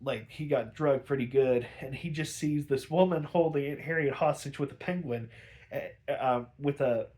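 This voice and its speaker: A young man talks through an episode in a loose, rambling way, full of "like" and "um" and little chuckles. His voice sits fairly high for a man. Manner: rambling with many fillers and chuckles. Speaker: show reviewer. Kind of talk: casual episode recap.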